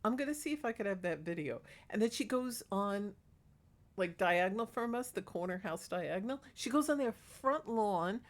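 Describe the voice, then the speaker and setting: A middle-aged woman talks straight into a small clip-on mic, spinning a neighborhood story in a loose, chatty vlog. She sounds fed up and indignant, with a pitch that sits right in the middle for a woman. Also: animated, normal speed. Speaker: vlogger. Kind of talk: casual gossip vlog. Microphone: clip-on microphone.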